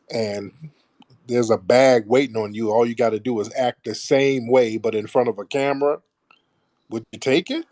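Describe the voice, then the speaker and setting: A middle-aged man hosts a radio show, delivering a casual, blunt, profane monologue to listeners and mocking others in put-on voices. His voice is medium-pitched with a darkish tone and no room sound.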